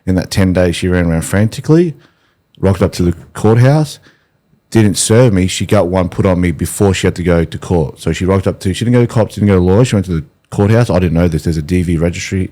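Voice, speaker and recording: A man's voice: sits low, fast talker, mellow. An Australian man hosting a podcast, telling his own story in a rambling, hesitant way. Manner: rambling, hesitant, full of restarts. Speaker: podcast host. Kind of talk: casual conversation.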